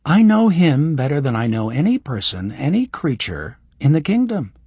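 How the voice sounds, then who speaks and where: Guy doing a young woman healer, frank and wry, pitched up, lively, bit husky. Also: normal speed, no echo. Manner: raised voice for a woman, expressive.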